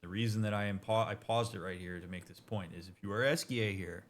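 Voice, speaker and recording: With a voice on the low side, this man, a therapist by profession, explains things casually while a game plays. He's direct and emphatic, dropping quick asides and restarting his sentences.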